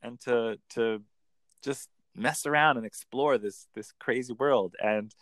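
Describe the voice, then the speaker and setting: A man, a coach explaining in an enthusiastic conversational interview with quick acted examples. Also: medium pitch, a bit bright, no room sound. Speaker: accent coach.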